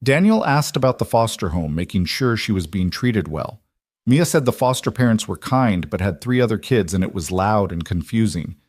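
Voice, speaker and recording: A low-voiced male narrator reads a dramatic scripted story steadily and with measure. The recording is dry and close, without any room sound.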